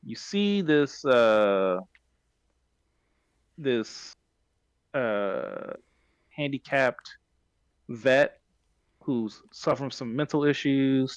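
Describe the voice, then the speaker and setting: A man's voice: medium pitch, clean tone, no room sound, lo-fi sound. A man hosting a podcast, recapping a story in casual chat and often correcting himself mid-sentence. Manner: rambling, self-correcting retelling. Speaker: podcast host.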